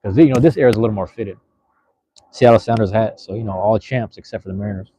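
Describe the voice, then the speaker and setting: A man's voice: on the low side, fast talker, warm tone, a little hiss or hum. A man hosting a casual solo livestream, rambling in a laid-back, slangy way. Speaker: livestream host.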